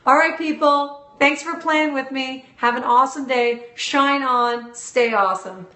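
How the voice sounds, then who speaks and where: A woman's voice: high-pitched, a little slow, bright, forceful tone, echoey room. A woman hosting a live-stream video Q&A, bubbly and enthusiastic, chatting casually with her viewers through a phone.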